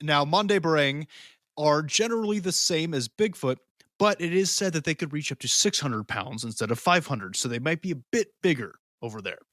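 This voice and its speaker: A man's voice: a little high, expressive, moderate pace, fairly bright tone, no room sound, clean studio sound. A man co-hosting a podcast, reading segment introductions and dropping crude joking asides in casual chat. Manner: crude jokey asides between read segments. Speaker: podcast co-host.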